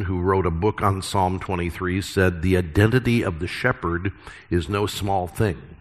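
A middle-aged man preaching a sermon as pastor, earnest and emphatic with deliberate pauses. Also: fairly low pitch.

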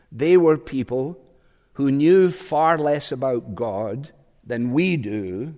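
Slow, measured male preacher in a hall. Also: mid-range voice, a little mellow. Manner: measured and reflective, pausing often with fillers. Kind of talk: sermon. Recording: long hall reverb.

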